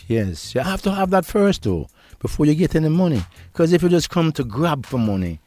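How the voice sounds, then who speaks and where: In an interview with faint background music, an older reggae deejay with a Jamaican accent reminisces in an easygoing way and laughs a lot. His voice is mid-range and a little mellow.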